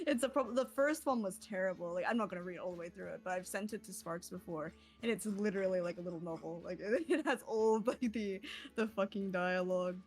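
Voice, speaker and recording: A woman's voice: medium pitch, fairly quick, a little mellow, faint music behind. A young woman playing in a tabletop game, chatting casually, laughing often and swearing freely. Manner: giggly, rambling, swears freely. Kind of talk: casual streamed game chat.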